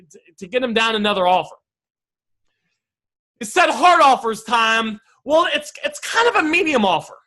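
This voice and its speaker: A man's voice: extremely high pitch, bright, forceful tone. A man teaching a casual online negotiation lesson, brash and swearing freely as he keeps talking to his audience as guys. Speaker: sales and negotiation coach.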